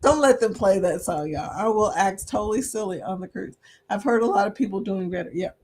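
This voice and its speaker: A woman's voice: medium pitch, animated, brisk, a little mellow, husky. A woman hosting a casual livestream chat, laughing often and reading viewer comments aloud. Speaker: livestream host.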